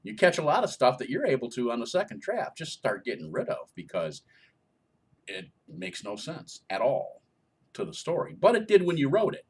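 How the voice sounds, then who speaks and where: Husky, animated man explaining. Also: medium pitch, normal speed. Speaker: co-author answering reader questions. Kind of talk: casual Q&A chat.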